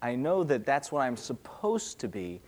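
A man's voice: mid-range voice, big pitch swings, moderate pace. A young man giving a casual question-and-answer sermon as a pastor, talking conversationally and often checking in with "okay?".

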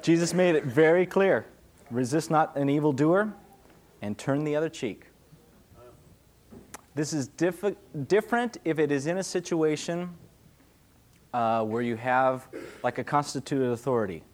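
A young man leads a relaxed question-and-answer sermon, his voice sitting a touch high. He talks conversationally, pausing to ask "okay?" as he explains, like a pastor who keeps things informal. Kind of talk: casual Q&A sermon.

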